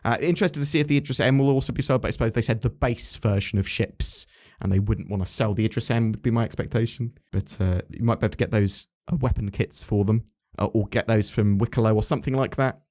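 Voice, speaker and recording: A man's voice: fairly low pitch, fast, a little mellow. A man hosting a casual chat about game news, rambling and asking his co-host questions.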